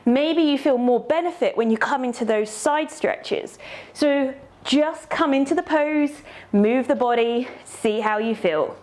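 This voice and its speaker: A woman leads a yoga lesson, talking through each pose with encouraging step-by-step cues. Her voice sits high, and she sounds a little out of breath as she moves. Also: unhurried, a little mellow. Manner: encouraging, cueing poses step by step. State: slightly out of breath. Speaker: yoga teacher. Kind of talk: instructional yoga class.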